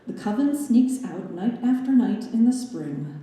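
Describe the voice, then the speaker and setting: A young adult woman gives a graduate lecture recital in a recital hall, analyzing slides and adding wry, playful asides to the scholarly talk. Her medium-pitched voice is warm and unhurried with lively intonation, surrounded by roomy hall reverb.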